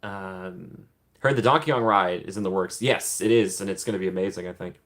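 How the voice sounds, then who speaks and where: Low in pitch and fairly bright, this man speaks at a fairly quick clip. On his casual livestream he reads chat questions out loud and chats back, full of laughs and frequent ums.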